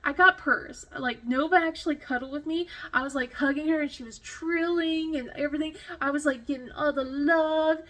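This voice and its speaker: A woman vlogger telling a rambling story in casual chat, full of fillers and restarts, emotional and quick to laugh. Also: high voice, a bit bright. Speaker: crafting vlogger.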